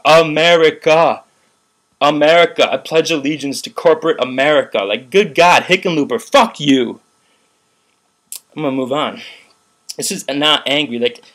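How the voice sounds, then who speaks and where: A man's voice: fairly high pitch, fairly bright tone. A young man ranting profanely to camera in a rambling video commentary. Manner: profane, heated, rambling with frequent "like". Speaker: vlogger recounting a protest.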